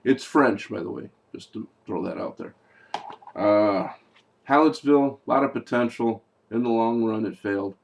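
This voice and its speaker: A man's voice: fairly low pitch, moderate pace, vocal fry, a little hiss or hum. Sarcastic rambling man reviewing movies. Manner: sarcastic, exasperated, rambling with fillers. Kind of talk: casual video review.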